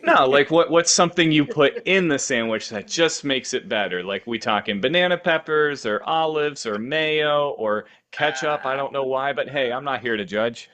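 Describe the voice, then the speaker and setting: A man's voice: medium pitch, animated, moderate pace, few pauses, fairly bright tone. A man co-hosting a podcast, asking playful, joking questions. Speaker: podcast co-host.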